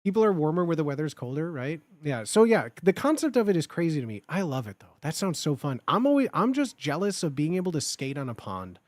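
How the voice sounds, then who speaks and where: A young man from the Chicago area, livestreaming and chatting casually with viewers, rambling excitedly with lots of filler words and swearing. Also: fairly high pitch, brisk, few pauses, dry recording. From Chicago area, United States.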